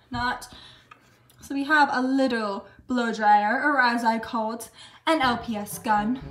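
A woman's voice: on the high side, roomy sound. A woman unboxing toys in casual chat, hyper and gushing, gasping over each new find. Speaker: toy reviewer.

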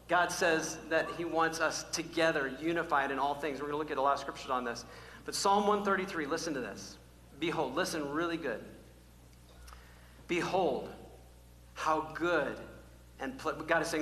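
A man preaching a sermon as pastor, animated, drawing out key words slowly for emphasis. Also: on the high side. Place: church sanctuary. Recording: echoey church hall, faint hum.

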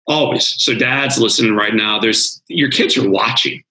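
A man's voice: on the low side, normal speed, pushed and bright, poor audio. A man, a guest speaker on a podcast interview, telling his life story in an earnest, dramatic way.

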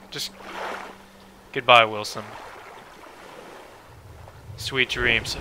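Excitable young man, sharp lively voice. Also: medium pitch, normal speed, pauses often, a little hiss or hum. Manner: excitable, swings into panicked yelling. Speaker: let's play gamer. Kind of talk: gaming commentary. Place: at home.

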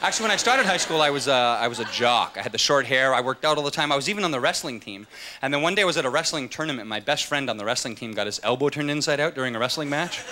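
A man performing a stand-up comedy set on stage, animated and swinging into loud high-pitched voices for his characters. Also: rapid-fire. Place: comedy club stage with a live audience. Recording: live stage recording with loud audience noise.

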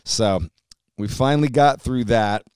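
A man hosting a podcast, opening with a loud, hyped, swearing intro and then casual chat. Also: medium pitch, a little slow, clear, resonant tone, dry recording. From California. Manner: hyped, loud, profane, animated delivery. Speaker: podcast host. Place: home studio, streaming live.

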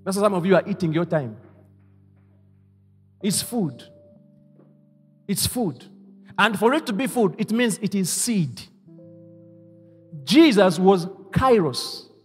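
A man preaching a sermon as pastor, leading the congregation to repeat his lines and moving between hushed asides and loud exclamations. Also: high-pitched, animated, takes it slowly, pauses often, breathy edge, faint music behind. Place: church hall. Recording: reverberant church hall.

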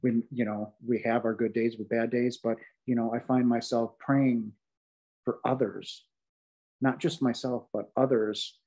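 A man's voice: medium pitch, flat delivery, measured pace, darkish tone, lo-fi sound. A man sharing his near-death experience as a podcast guest, speaking with heartfelt emphasis and many fillers and restarts. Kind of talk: earnest testimony in a podcast interview.

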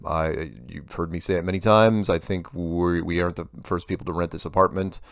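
A man's voice: low-pitched, no echo, studio quality. A man hosting a casual Q&A, reading viewer emails aloud and answering them in a rambling way that often breaks off and restarts. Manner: rambling, self-interrupting, restarts sentences. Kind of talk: casual Q&A monologue.

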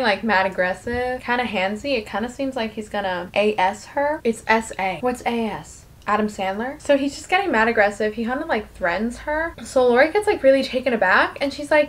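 A young woman talking casually and quickly as she recaps a musical, dropping into quick voices for the characters. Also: on the high side, lively intonation. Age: young adult. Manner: chatty, fast, acts out the lines with quick put-on voices. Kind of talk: casual recap while eating.

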